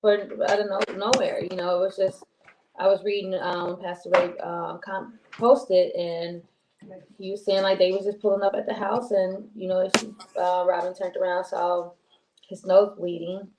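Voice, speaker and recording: A woman's voice: on the low side, little pitch movement, moderate pace, background noise. A woman co-hosting a casual talk show, rambling and chatty with many restarts. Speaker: co-host. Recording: roomy echo.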